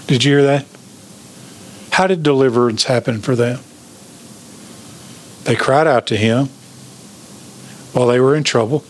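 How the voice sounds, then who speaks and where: Man, pastor, sermon, emphatic preaching, questions to the congregation, mid-pitched voice.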